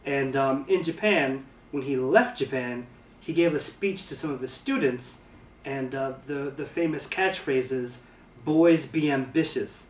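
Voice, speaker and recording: A casual vlogger, a man from the United States, talks through a topic in a relaxed, hesitant way with plenty of filler words. He sits a little back from the mic, and the room rings noticeably around his voice. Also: medium pitch, unhurried, echoey room, distant mic. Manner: relaxed, hesitant, lots of ums and uhs. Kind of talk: casual explainer vlog.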